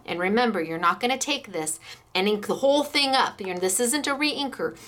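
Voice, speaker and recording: A woman's voice: mid-range voice, lively intonation, moderate pace, fairly bright tone. An American woman who runs a craft shop, chatting enthusiastically as she demonstrates stamps and dies and gushes over the samples.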